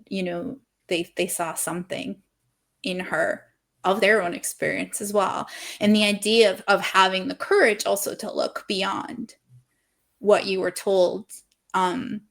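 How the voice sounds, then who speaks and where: A woman author chatting in an interview over a video call, earnest and expressive as she thinks aloud about her characters. Her mid-pitched voice carries a light gravelly fry, and she laughs easily between thoughts. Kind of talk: casual interview chat.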